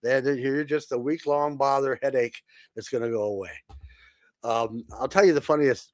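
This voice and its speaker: An older man, a comedian and podcast host, telling stories in a casual, animated way, repeating words and acting out voices. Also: medium pitch, normal speed, no echo. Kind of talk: casual storytelling.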